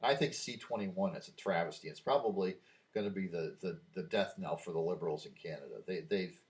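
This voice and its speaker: An older man with a fairly low voice talks through a wandering vlog monologue. He gets sidetracked by asides, then turns emphatic and insistent once he is back on his argument. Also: fairly quick. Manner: easily distracted, wandering asides. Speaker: vlogger. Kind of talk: rambling opinion monologue.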